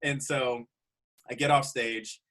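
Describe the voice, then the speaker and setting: A man, a comedian guest, telling a road story in a casual, animated way with frequent laughs. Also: mid-range voice, takes it slowly.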